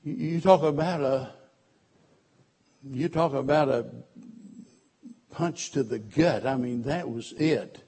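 A man preaching a sermon as pastor, telling personal stories and swinging between loud emphasis and hushed, quiet passages. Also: mid-range voice, takes it slowly, pauses often, breathy edge.

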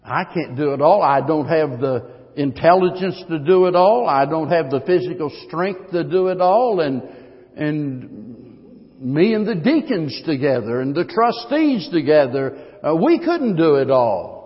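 A man preaching a sermon as pastor, emphatic, his voice swelling louder at key points. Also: a little high, expressive, measured pace. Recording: muffled long-reverb hall recording.

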